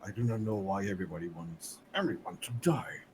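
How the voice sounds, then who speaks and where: A man's voice: sits low, big pitch swings, brisk, background noise. A man playing a tabletop game who speaks as his character, earnestly arguing for cooperation. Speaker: player. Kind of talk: in-character tabletop role-play.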